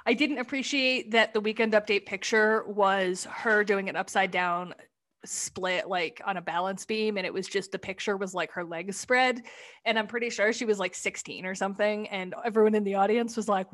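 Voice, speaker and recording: A woman co-hosting a casual chat, retelling comedy sketches in a blunt, profane, animated way. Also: mid-range voice, moderate pace. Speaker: podcast co-host.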